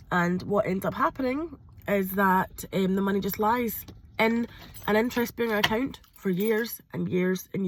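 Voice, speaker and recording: A woman talking hesitantly to camera from a parked car, pausing often with ums. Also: mid-range voice. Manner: hesitant, with frequent ums and pauses. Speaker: vlogger. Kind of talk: personal confessional vlog.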